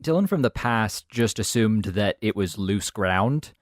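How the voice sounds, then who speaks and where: A man co-hosting a casual review podcast, talking in a playful, animated way. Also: fairly low pitch, measured pace, no echo, studio quality. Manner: animated, playful, slips into mock voices. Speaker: podcast co-host. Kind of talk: casual anime review chat.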